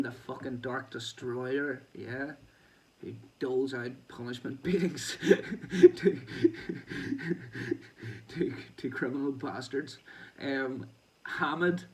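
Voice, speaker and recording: A man's voice: mid-range voice, a little mellow, distant mic, low-quality recording. A man hosting a boxing show, reading news aloud and breaking off into chatty, sweary asides with laughing comments.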